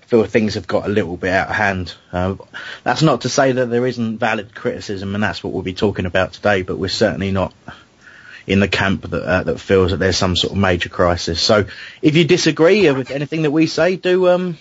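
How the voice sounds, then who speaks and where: His voice on the low side and fairly quick, a football fan podcast host chats casually, radio-style, knocking himself and frequently restarting his sentences. The dull lo-fi home recording has no room sound.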